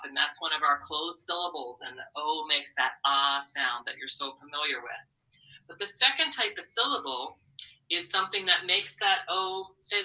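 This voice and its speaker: A woman, a literacy specialist, teaching a recorded phonics lesson to children, slow and encouraging, carefully sounding out letters. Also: sits low, sharp tone, far from the mic, rough recording.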